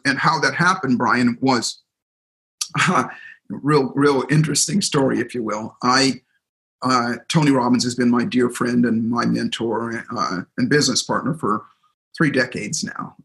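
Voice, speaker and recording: A middle-aged man telling a story as an interview guest, with lively energy, acting out what people said. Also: fairly high pitch, low-quality recording. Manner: energetic, acts out quotes and crowd reactions. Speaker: guest speaker, seminar trainer. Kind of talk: animated storytelling in a conversation.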